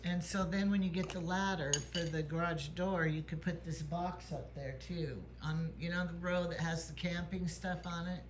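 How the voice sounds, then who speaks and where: A woman chatting in her home kitchen, curious and gently bossy, asking many questions. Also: lowish voice, fairly even intonation, moderate pace, few pauses, a little hiss or hum. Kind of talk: casual kitchen chat.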